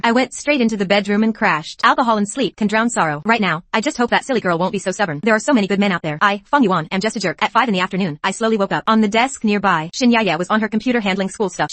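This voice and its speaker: A woman narrates a motion comic at a brisk clip, reading steadily and evenly in a scripted manner. Her voice sits close and dry, with no room sound around it. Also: medium pitch, a bit bright, no echo.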